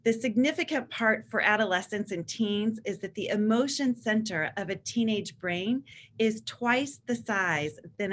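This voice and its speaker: An enthusiastic woman in her forties presents to a room of parents, speaking at a medium pitch. She explains like a therapist and lively teaching voice. A faint hum of noise sits under her voice. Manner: warm, enthusiastic, acts out teen voices in quotes. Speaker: therapist and author giving a talk.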